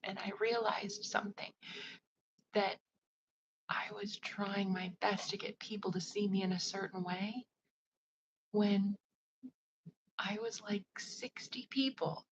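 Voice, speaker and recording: A woman, a psychic medium, talking casually on a livestream in a soft, often half-whispered voice, rambling with lots of fillers. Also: medium pitch, muffled recording, noisy background. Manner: loose, rambling with many "like" fillers. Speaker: psychic medium and spiritual advisor.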